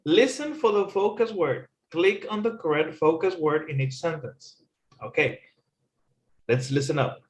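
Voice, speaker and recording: A man, teaching an English lesson with slow, careful explanations. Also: a little high. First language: Spanish. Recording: echoey room.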